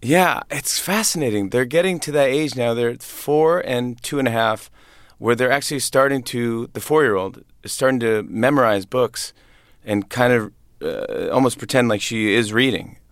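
In a dry, studio-quality recording, a comedian in his thirties chats as a guest in an interview. His voice sits in the mid-range at a moderate pace, and he laughs often and acts out characters' voices in his anecdotes.

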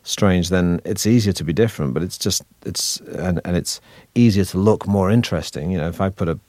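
A man with a Manchester accent talks through an interview as a guest actor. His voice sits very low, and he keeps a wry, self-deprecating tone while winding through thoughts with restarts. The sound is dry and close. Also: brisk, mellow, dry recording. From Manchester, northern England. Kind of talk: relaxed interview chat.

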